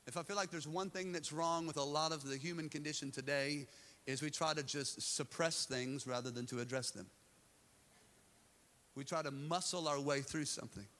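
A man's voice: on the high side, fairly even intonation, normal speed, bright, forceful tone. A male pastor preaching to a live church congregation, telling a candid personal story with self-deprecating humor. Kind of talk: sermon.

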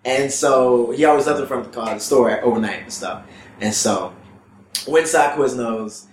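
A young male stand-up comedian tells a story in a casual interview at a moderate pace, his voice reverberant over slight background noise. He is animated, acting out the voices of the people in the story with big pitch jumps, and he laughs often.

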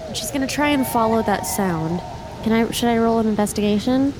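A woman's voice: a little high, normal speed, noisy background. A woman playing a tabletop game, describing her character casually with many filler "like"s. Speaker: player.

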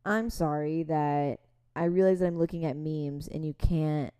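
A woman's voice: sits low, steady tone, normal speed, dark tone, smooth. Giggly young woman podcast host. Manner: giggly, playful, apologetic. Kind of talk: casual chat.

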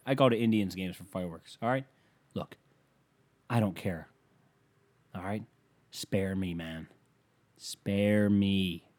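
Rambling, swearing male comic. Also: on the low side. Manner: rambling, profane, lively. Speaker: comedian. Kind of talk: profane stand-up rant.

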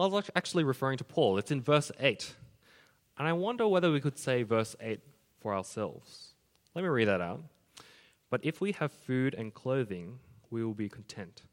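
A man's voice: medium pitch, long reverb tail. A man preaching a sermon in a church, explaining scripture in an earnest, step-by-step way.

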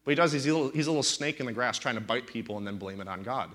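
Bright-voiced preaching man. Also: medium pitch, racing. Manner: animated storytelling, emphatic and indignant. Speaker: pastor. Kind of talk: preaching on a talk show.

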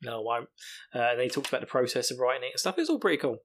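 A man's voice: mid-range voice, wildly swooping pitch, rapid-fire, a bit bright, slightly rough. A young man hosting a podcast, rambling casually, swearing and laughing at his own jokes. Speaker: podcast host. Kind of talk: casual solo podcast chat.

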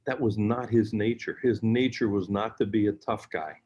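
A man's voice: lowish voice, moderate pace, a little mellow, slightly rough. An older man, a former team broadcaster, reminiscing in conversation and acting out quotes as he tells stories. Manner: storytelling, acts out quotes. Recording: dull lo-fi audio.

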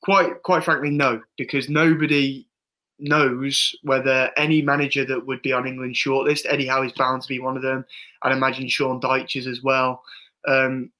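A man's voice: mid-range voice, level tone, moderate pace, bright, forceful tone, rough recording. A man co-hosting a casual football podcast, rambling and opinionated, often restarting his sentences. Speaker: podcast co-host.

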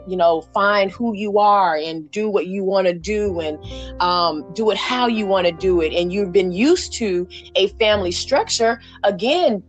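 A woman hosting a faith conversation, encouraging and reflective as she prompts her guest. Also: medium pitch. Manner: encouraging, reflective, many fillers. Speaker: podcast host.

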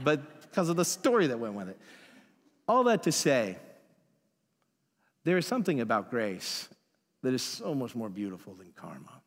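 Male pastor preaching, casual storyteller, mid-pitched voice, reverberant hall sound. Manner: casual, conversational, acts out quoted voices. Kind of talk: sermon with storytelling.

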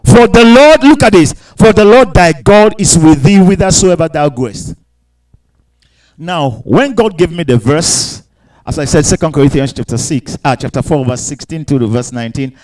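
A man preaching a sermon, dropping to quiet asides and rising to loud, drawn-out scripture readings, asking the congregation to answer back. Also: on the high side, lively intonation, rough recording. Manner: calls out to the congregation for responses.

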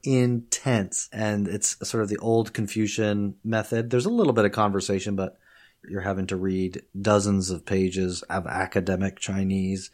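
A man, a guest on an interview podcast and a professor of Chinese, chatting casually and telling lively stories with frequent laughter. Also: lowish voice, moderate pace. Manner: lively storyteller, laughs often.

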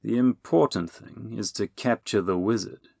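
A man voicing a scheming male sorcerer who speaks in a slow, silky, greasy way. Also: medium pitch, expressive, vocal fry, dry recording, clean studio sound, pitched above the performer's own voice. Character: oily scheming male sorcerer, smooth and sinister.

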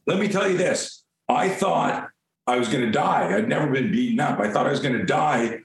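Older male guest, lively self-mocking storyteller, salty language, room echo. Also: medium pitch, moderate pace. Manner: animated, self-mocking, swears freely. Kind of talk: casual storytelling. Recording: roomy echo.

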